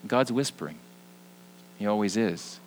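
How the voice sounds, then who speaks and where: A man's voice: fairly low pitch, measured pace, a little hiss or hum, low-quality recording. Earnest man preaching a sermon. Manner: earnest, swings between lively emphasis and hushed softness. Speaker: pastor.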